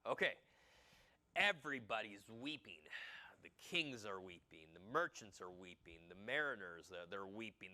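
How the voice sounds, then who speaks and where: A man's voice: medium pitch, bright, forceful tone. A man preaching a midweek sermon in a loose, conversational way, often restarting his sentences. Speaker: pastor.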